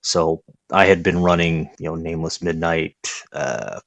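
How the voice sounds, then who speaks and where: A man's voice: very deep voice, a little slow, vocal fry, lo-fi sound. A man appearing as a guest on a casual gaming podcast, telling stories in a laid-back, hesitant way.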